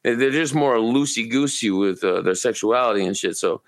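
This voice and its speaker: A man from Maine co-hosting a podcast, telling long rambling, profane stories in a relaxed, casual way. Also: mid-range voice, moderate pace. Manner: profane, rambling, laid-back storyteller. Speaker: podcast co-host. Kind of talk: casual storytelling chat.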